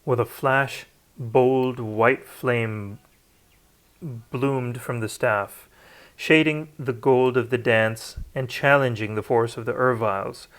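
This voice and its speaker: A man's voice: mid-range voice, fairly even intonation, slow pace, a bit bright. A man reading a novel aloud, unrehearsed, with occasional slips and restarts. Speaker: audiobook narrator. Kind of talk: unrehearsed read-aloud narration.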